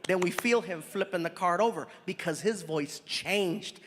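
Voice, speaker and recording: High-voiced animated stand-up comedian. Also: male voice, a little slow, slight background noise. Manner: animated, theatrical, lots of voices. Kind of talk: stand-up storytelling. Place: live stage in a large hall. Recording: live hall with loud audience laughter.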